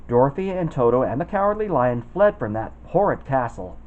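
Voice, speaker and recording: A man reading a children's storybook aloud, expressive and putting on voices for the characters. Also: mid-range voice, a little fast, phone-quality sound, a little hiss or hum. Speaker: storybook reader.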